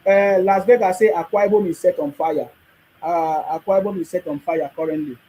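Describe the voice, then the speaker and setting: On a lo-fi recording with slight background noise, a Nigerian-accented livestream host speaks a little fast in a noticeably high voice with fairly even intonation. He's emphatic and repetitive, answering viewers' comments like a preacher.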